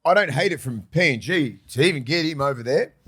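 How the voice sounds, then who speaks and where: Luźny australijski facet w podcaście. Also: male voice, on the high side, lively intonation, fairly quick, a bit bright, breathy edge. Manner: laid-back, rambling, swears casually. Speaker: podcast co-host, former player. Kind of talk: casual chat.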